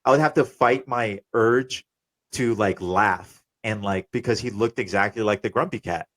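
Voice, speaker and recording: A man's voice: on the low side, moderate pace. A young man hosting a casual podcast, talking loosely with some swearing and stopping to explain terms. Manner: relaxed, profane, explains terms. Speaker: podcast host.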